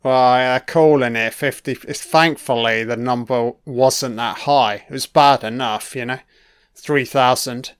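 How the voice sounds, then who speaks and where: Man, mid-pitched, dry sound; casual reaction commentary, blunt and profane, muses out loud. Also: steady tone, a little slow, clean tone, dry recording. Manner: profane, blunt, thinking aloud. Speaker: commentator reacting to archival broadcast.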